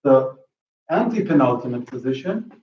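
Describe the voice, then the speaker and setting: A man giving an academic talk in linguistics, halting and restarting often, checking in with the audience. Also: medium pitch, big pitch swings, recorded from a distance, a little hiss or hum. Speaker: linguistics lecturer. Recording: roomy lo-fi hall recording from afar.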